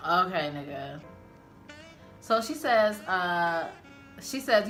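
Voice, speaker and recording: This woman's voice sits on the low side, slow and often pausing, over faint background music. Hosting her channel, she reviews a TV episode through animated storytelling that's casual, slangy, and profane.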